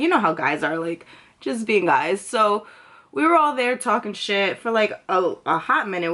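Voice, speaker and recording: Young woman rambling through a story to her camera, lots of "like", swears a bunch, mid pitch. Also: a bit bright. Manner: chatty, frequent "like" fillers, swears freely. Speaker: vlogger.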